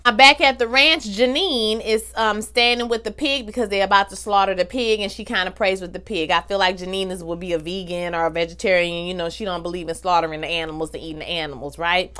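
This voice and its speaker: A woman's voice: mid-range voice, fairly even intonation, quick pace, few pauses, fairly bright tone, smooth. A woman giving a casual, slangy recap of a TV episode, talking straight to her viewers and acting out the characters' lines. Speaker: TV show recap vlogger.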